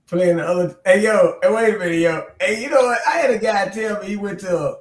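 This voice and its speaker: A middle-aged man telling a long, profane, animated story in a casual chat and laughing as he goes. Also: high-pitched, fairly quick, reverberant. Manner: animated, profane, laughs through his stories. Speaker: podcast co-host.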